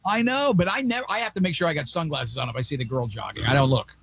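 A man's voice: fairly high pitch, big pitch swings, fast talker, gravelly, fairly bright tone, slightly rough, dry recording. A man hosting a morning show, joking around in rambling asides while outdoors. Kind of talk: casual talk show banter. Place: outdoors in the sun.

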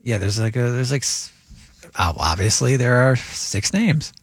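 A man's voice: medium pitch, animated, unhurried, husky, no room sound. A man co-hosting morning radio, teasing and questioning his partner in studio banter. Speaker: radio co-host.

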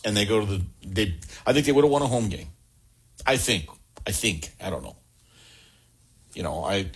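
A man's voice: mid-range voice, fairly bright tone, husky. A middle-aged man giving an opinionated sports talk monologue, blunt and sarcastic with emphatic asides. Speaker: sports commentator.

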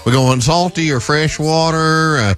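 A man's voice: fairly high pitch, a little slow, a bit bright, faint music behind. A man co-hosting a casual talk show, tossing in playful, jokey interjections. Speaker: co-host. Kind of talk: casual banter.

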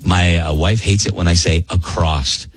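A man's voice: deep voice, fairly even intonation, normal speed, music in the background. A man hosting a call-in radio show, joking playfully with callers and laughing easily.

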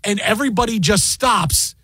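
A man hosting a sports radio show, telling a story in a rambling, animated way with many fillers and restarts, in a studio. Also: high-pitched, normal speed, dry recording. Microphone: studio mic.

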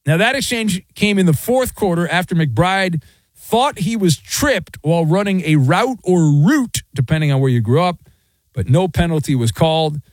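A man's voice: sits high, normal speed, dry recording. A middle-aged man hosting a sports talk radio show, ranting in a sarcastic, mocking way. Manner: sarcastic, mocking, animated rants. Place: radio studio.

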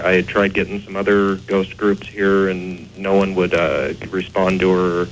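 Low-voiced hesitant male guest. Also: flat delivery, moderate pace, hardly any pauses, slight background noise, low-quality recording. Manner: hesitant, filler-heavy. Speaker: guest, ghost investigator. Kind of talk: interview answers.

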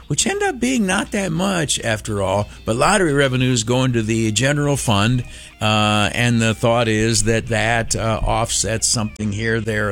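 A man's voice: mid-range voice, a bit bright. A man hosting a call-in talk radio show, frank and opinionated, with many filler sounds. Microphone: studio microphone.

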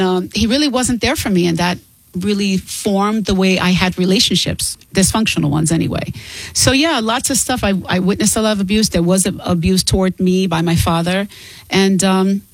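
A woman's voice: mid-range voice, normal speed, dry recording, low-quality recording. Earnest woman singer in an interview. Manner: earnest and open, laughs between points. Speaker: guest, singer and author. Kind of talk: candid interview talk.

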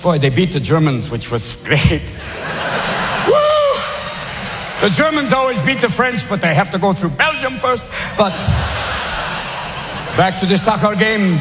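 Manic high stand-up comedian man. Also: sing-song, measured pace, long pauses. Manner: manic, shouting, jumping into silly voices. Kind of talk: live stand-up routine. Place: comedy club stage. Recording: live set with loud crowd and hiss.

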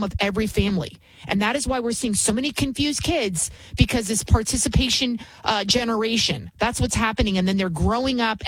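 A woman's voice: a little high, no echo, rough recording. A woman hosting a talk radio show as a fill-in, giving a blunt, indignant opinion monologue and repeating lines for emphasis.

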